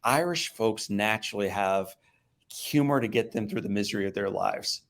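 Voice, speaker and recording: A middle-aged man from the Midwest, a motivational speaker and podcast guest, telling a personal story in an animated way, hushing low and then getting loud. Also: normal speed, creaky. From American Midwest. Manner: animated storyteller, acts out voices and swings from hushed to loud.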